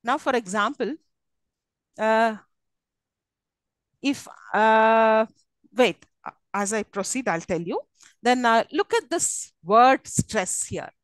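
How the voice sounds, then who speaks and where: A woman's voice: a little high, expressive, slow, pauses often, no echo. A woman with an Indian English accent lecturing students on syllables and word stress, often checking they follow. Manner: explains with frequent checks to students, encouraging. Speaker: teacher. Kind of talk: classroom lecture on English phonetics. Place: classroom.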